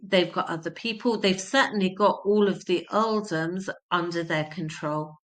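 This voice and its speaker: A woman's voice: lowish voice, normal speed. Woman teaching history, explains things plain and repeats stuff for emphasis. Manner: explains words simply, emphatic repetition.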